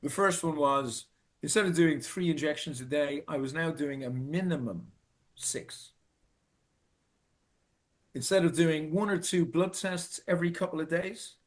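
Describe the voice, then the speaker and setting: A middle-aged Irish man telling a personal story in an earnest, halting way, restarting and repeating phrases for emphasis. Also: on the high side. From Ireland. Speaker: speaker telling his own story.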